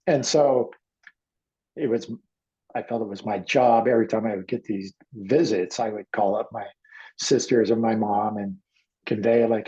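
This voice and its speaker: A gravelly middle-aged man, a guest artist, telling personal stories in a halting way and acting out the voices he quotes. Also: fairly low pitch, warm tone. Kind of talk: emotional personal storytelling. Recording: dull lo-fi audio.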